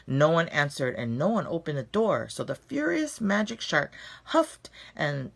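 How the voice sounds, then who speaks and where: Woman reading a children's picture book, lower voice, very animated pitch, dramatic pauses. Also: creaky. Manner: expressive, dramatic storytelling with slowed emphasis. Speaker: storyteller. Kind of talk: children's story read-aloud.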